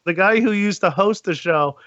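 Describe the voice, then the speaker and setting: A man's voice: high-pitched, moderate pace, a bit bright, lo-fi sound. A man, a comedian, co-hosting a podcast in casual, laid-back talk with some swearing. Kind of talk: casual chat.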